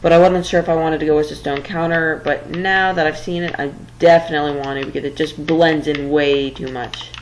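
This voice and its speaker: A woman's voice: low voice, fairly even intonation, a little fast, few pauses, slight background noise, poor audio. A woman giving casual let's-play commentary while building, rambling and a little flustered, tired late at night. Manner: rambling, flustered, self-deprecating. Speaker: gameplay commentator.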